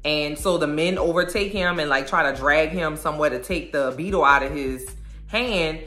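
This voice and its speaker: A woman casually recapping a show episode in an animated, slangy way, acting out the characters' lines. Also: low voice, moderate pace. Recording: echoey room, faint music.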